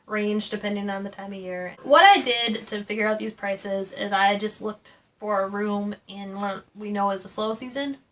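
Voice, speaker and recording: A woman's voice: mid-range voice, steady tone, moderate pace, few pauses, fairly bright tone. A woman co-hosting a casual travel chat, explaining things in detail and laughing often. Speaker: co-host of a theme park travel channel.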